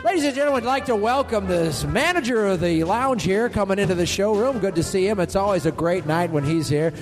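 A man's voice: high-pitched, expressive, a little fast. A man playing a crude, bullying lounge singer who curses at his band. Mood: smarmy. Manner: swearing, shouting at his band.

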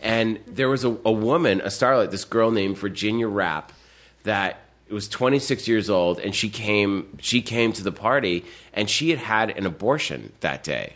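A man with a fairly low voice telling anecdotes in a relaxed conversation. He rambles from one detail to the next, and his sentences are full of fillers and restarts. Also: moderate pace. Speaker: podcast co-host telling stories. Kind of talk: casual chat.

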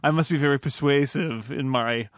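A man's voice: medium pitch, moderate pace, very noisy. A man hosting a casual podcast chat, introducing his panel and laughing often. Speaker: podcast host.

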